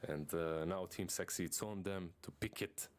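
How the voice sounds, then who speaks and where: A man's voice: low-pitched, normal speed, slight background noise. A man co-streaming an esports match, talking through the draft in a loose, rambling way with many fillers. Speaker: co-streamer caster. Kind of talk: casual esports draft analysis.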